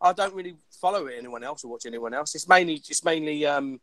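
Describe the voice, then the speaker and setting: Young English man, casual guest chat, high bright voice, laughing and self-deprecating, dry close sound. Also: fast, dry recording. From England. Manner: animated, laughing, self-mocking about his own common speech.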